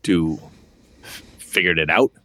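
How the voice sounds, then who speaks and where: A man's voice: low voice, a little slow, pushed and bright, no echo. A man co-hosting a podcast, chatting casually and rambling through stories while acting out his friends' lines. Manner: rambling storyteller who acts out friends' lines. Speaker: podcast co-host. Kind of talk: casual chat about tabletop gaming.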